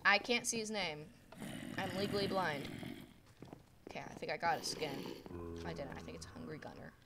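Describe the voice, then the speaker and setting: A teenage girl at home giving rambling, excitable commentary over her gameplay on a desktop mic, full of "like" fillers. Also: on the low side, normal speed, music in the background. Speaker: gaming video creator. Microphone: desktop microphone.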